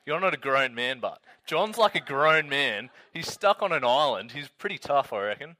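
A man's voice: medium pitch, very animated, moderate pace, hardly any pauses, sharp tone. A young man, a youth leader telling a story and reading scripture in a chatty, casual way full of "like" and "um".

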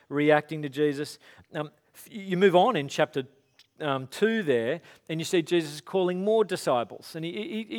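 A man preaches in a relaxed, conversational way. He tells the stories with lively acted-out quotes. His voice sits a little higher than most men's. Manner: casual, animated storytelling with acted-out quotes. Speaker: pastor. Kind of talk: conversational sermon.

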